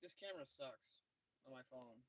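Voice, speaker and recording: At night, a livestream host sits in a car parked by a river, chatting with viewers through a phone propped on the dash. His mid-range, fairly bright voice is animated and moves at a moderate pace as he jokes and swears through profane banter.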